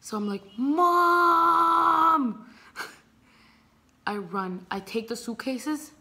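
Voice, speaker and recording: Young woman, vlogger, storytime, animated, swears a lot, acts out quotes, mid pitch. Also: normal speed. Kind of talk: storytime vlog.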